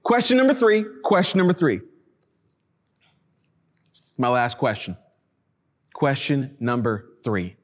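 A man's voice: medium pitch, sing-song, slow, long pauses. A male preacher giving a sermon in a casual, conversational way, with slang asides. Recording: reverberant hall.

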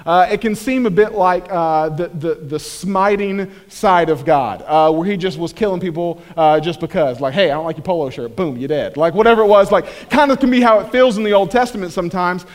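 A man's voice: high voice, moderate pace, few pauses. A man in his thirties, a pastor preaching a conversational sermon to a church, full of restarts and acted asides. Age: 30s. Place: church hall.

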